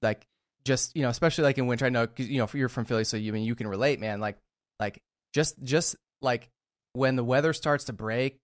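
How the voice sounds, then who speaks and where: A man's voice: mid-range voice, brisk. Laid-back man full of filler words. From northeastern United States. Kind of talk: casual conversation.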